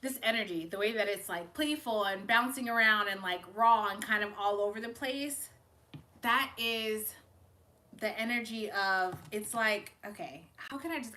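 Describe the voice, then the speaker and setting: Bright, chatty woman reading tarot live. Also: on the high side, fairly quick. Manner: chatty and emotional, addresses viewers by name, laughs often. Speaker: tarot reader on a live stream. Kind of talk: casual live-stream chat and tarot reading.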